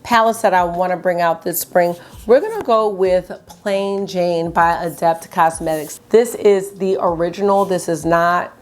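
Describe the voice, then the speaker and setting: A woman's voice: lowish voice, a little slow, hardly any pauses. Chatty woman beauty vlogger. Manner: chatty and enthusiastic. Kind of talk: casual makeup review chat.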